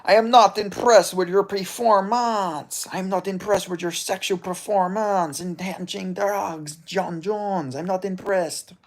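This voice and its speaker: A man's voice: sits high, voice pushed up. A man doing a stiff fighter. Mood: unimpressed. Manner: slow, flat, deliberate delivery. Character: stiff, formal French-Canadian fighter impression.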